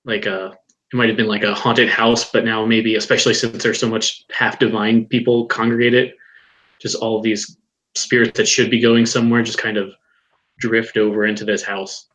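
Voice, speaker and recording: A man playing in a tabletop role-playing game, musing aloud as he pitches an idea. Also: level tone, moderate pace, a bit bright, poor audio. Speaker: player. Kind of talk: casual chat.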